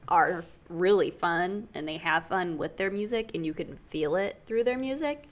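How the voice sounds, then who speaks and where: A woman's voice: fairly low pitch, normal speed. Chatty young woman co-hosting a podcast. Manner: chatty, laughs often, jokey. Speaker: podcast co-host. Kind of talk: casual chat.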